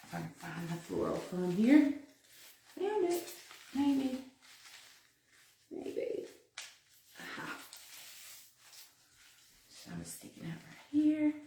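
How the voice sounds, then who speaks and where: Woman hosting a live craft demo, giggly and chatty, lively pitch, roomy kitchen echo. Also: slow pace, vocal fry, long pauses, a little hiss or hum. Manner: chatty, giggly, thinking aloud while working. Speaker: craft tutorial host. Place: her kitchen, indoors. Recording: echoey kitchen, mic at a distance.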